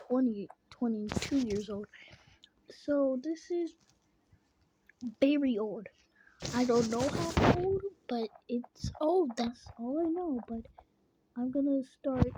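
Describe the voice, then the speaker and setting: A woman commentating a farm game in a put-on Kentucky accent, chatty and excitable, dropping into whispers now and then. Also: sits high, background noise. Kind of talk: playing a farm game with role-play commentary.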